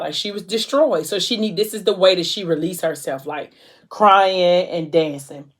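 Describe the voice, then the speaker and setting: A woman's voice: medium pitch, unhurried, fairly bright tone. A woman vlogger casually retelling and discussing a novel in a chatty, slangy style full of fillers.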